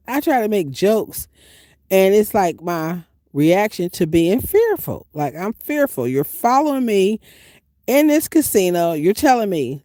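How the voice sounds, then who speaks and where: Animated woman with lively, swooping pitch. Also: unhurried, no echo. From US Midwest. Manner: animated, emphatic storytelling with big pitch swings. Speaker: van-life vlogger. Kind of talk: casual livestream chat.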